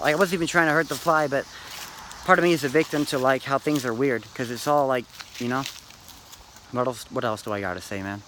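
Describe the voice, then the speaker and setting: A man rambling through a meandering, philosophizing monologue to camera, pausing often and tagging lines with "man" and "dude". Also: medium pitch, bright, forceful tone, slight background noise, rough recording. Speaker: vlogger.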